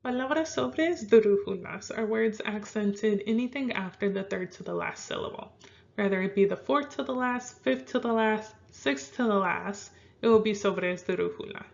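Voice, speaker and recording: Woman, Spanish teacher, gravelly voice, slightly dull lo-fi recording, clear and deliberate. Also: mid-range voice. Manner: clear, deliberate, slows on example words. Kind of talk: video lesson. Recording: dull lo-fi sound.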